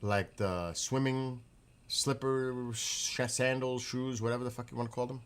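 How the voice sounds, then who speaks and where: A man's voice: mid-range voice, a little slow, clean tone. Rambling, swearing man telling stories. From northeastern US. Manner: rambling, profane, animated retelling. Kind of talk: casual storytelling monologue.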